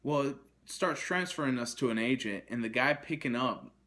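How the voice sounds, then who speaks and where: Brief: male vlogger, mid-pitched, exasperated rant, halting delivery with many restarts, recorded on a camera mic in a kitchen. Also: pushed and bright. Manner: frustrated, exasperated storytelling with many fillers and restarts. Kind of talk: ranting to camera. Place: kitchen at home, indoors.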